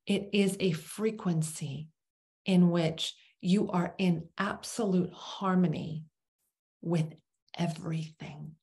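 Woman spiritual teacher, lower voice, slow storytelling delivery with pauses and hushed emphasis. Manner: slow, dramatic pauses, drops to a whisper on key words.

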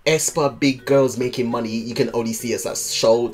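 A man hosting a music video reaction, loud and excitable, swearing and jumping into high squeals. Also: moderate pace, heavy background noise. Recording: music playing behind.

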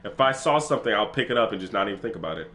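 An excitable man talks through a horror game for his channel, his pitch swinging widely from low mutters to high yelps. His voice has a bright, forceful edge, and he swears freely. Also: rapid-fire. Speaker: gaming channel host. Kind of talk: let's play commentary.

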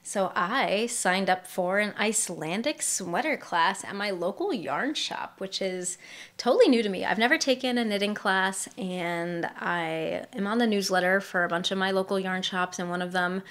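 A woman's voice: medium pitch, moderate pace, a bit bright. A young woman with a mild Massachusetts accent, chatting casually as host of a knitting podcast while she shows her projects and laughs lightly. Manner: chatty, laughs lightly, thinks aloud while showing work. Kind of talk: casual show-and-tell chat.

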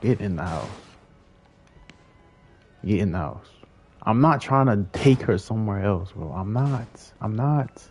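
A man's voice: lowish voice, animated, measured pace, pauses often, darkish tone, a little hiss or hum. A young man giving casual gameplay commentary, frustrated and swearing as he talks to himself. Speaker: gaming streamer.

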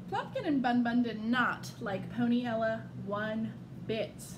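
Expressive woman reading a storybook aloud. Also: a little high, a little slow, noisy background. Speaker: school staff member. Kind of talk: reading a picture book aloud.

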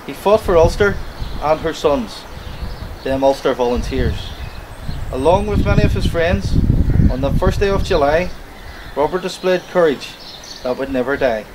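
A man with a slightly raised pitch recites a commemorative poem, keeping his voice soft and subdued. The recording is outdoors, with faint rural noise and birds behind him. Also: animated, moderate pace, pauses often, poor audio. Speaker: poetry reader. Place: outdoors at a churchyard.

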